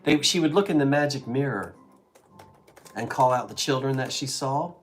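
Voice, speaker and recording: A middle-aged man from the Delaware Valley, USA, with a Philadelphia accent co-hosts a live antiques sales stream, chatting, reminiscing, and tossing in jokey asides. His voice is mid-range and expressive, at a moderate pace.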